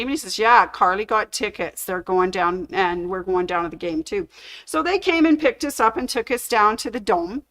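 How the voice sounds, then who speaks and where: A middle-aged woman, chatting on her livestream and telling a long, animated story with quick shifts into other people's voices. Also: mid-range voice, poor audio. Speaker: sewing shop livestream host.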